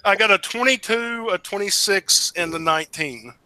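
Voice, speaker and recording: Bright, high-voiced male player. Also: moderate pace, no room sound. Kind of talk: playing a tabletop game.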